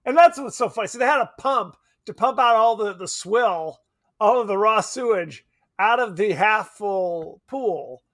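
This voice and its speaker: High-voiced man, animated podcast co-host. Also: a little slow. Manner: animated, laughs often, swears casually. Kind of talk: casual chat. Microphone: remote podcast mic.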